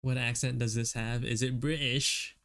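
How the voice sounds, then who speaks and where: A man streaming while he draws, chatting casually with viewers in a relaxed way and chuckling often. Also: mid-range voice, normal speed, smooth.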